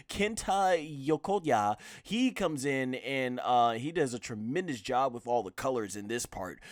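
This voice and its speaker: A man's voice: on the high side, no echo, studio quality. A man co-hosting a casual review discussion, recapping scenes with many fillers. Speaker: anime reviewer, co-host.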